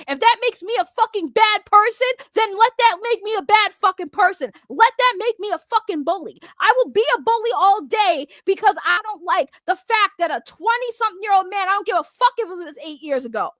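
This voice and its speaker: Very high-voiced woman ranting profanely. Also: expressive, fairly quick, hardly any pauses, a bit bright, dry recording, clean studio sound. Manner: profane, confrontational, repeats points for emphasis. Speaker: online commentator. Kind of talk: heated ranting vlog.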